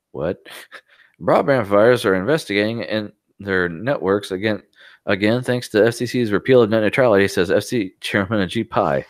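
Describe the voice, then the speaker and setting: A man with a lowish voice co-hosts a casual tech podcast. He reads news stories aloud and breaks off for dry, sarcastic remarks. The recording is close and dry. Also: fairly quick, dry recording. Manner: sarcastic asides between read passages. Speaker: podcast co-host. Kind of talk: casual chat, reading news articles aloud.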